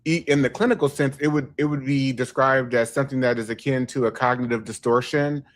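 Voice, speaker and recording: A male host with a mid-range voice speaks in a deliberate, analytical way. He picks careful, clinical words while leading a livestream discussion over a video call. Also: medium pitch, fairly even intonation. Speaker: host and author.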